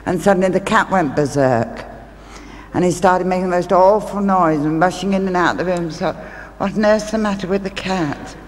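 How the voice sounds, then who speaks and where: Her voice sits low with a darkish tone as she plays the stage medium, spinning homely tales for a live audience and chatting on the side. The setting is a large theatre hall, captured with live-hall reverb and a faint ambient background.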